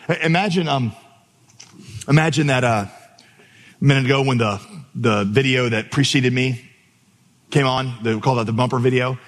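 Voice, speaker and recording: Animated preaching man in a reverberant hall. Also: medium pitch. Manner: animated storytelling, exclamatory. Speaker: pastor. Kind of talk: sermon. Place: church auditorium with stage.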